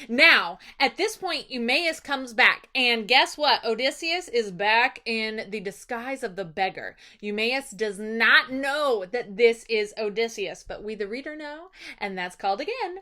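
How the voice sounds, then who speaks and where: Bright-voiced chatty teacher woman. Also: fairly high pitch, unhurried, few pauses. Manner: animated, chatty, dramatic. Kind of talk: casual lesson recap.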